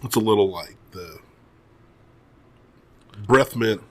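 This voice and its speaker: A man's voice: on the low side, slow, a bit bright. A man co-hosting a podcast, telling a dry, self-mocking anecdote in casual chat. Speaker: podcast co-host.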